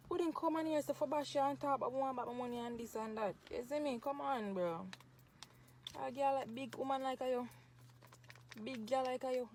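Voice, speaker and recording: A woman's voice: medium pitch, a little mellow, a little hiss or hum. A woman with a Jamaican accent venting angrily to camera outdoors in the hot sun, cursing heavily and repeating herself. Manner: profane, heated, repetitive. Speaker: social media poster. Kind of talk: angry venting rant to camera.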